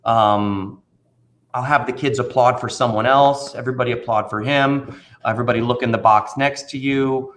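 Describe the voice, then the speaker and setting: A man, a children's magician, chatting in an interview over a video call and telling funny stories with lively acted-out voices. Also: mid-range voice, normal speed, slight background noise. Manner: animated storyteller, acts out voices in anecdotes. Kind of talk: casual interview conversation.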